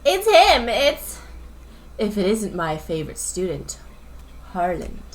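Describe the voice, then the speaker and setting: A woman voicing a small fluffy puppy professor who demands respect, speaking in a high squeaky voice for a game. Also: big pitch swings, normal speed, sharp tone. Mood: delighted. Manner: high squeaky voice ending in a woof.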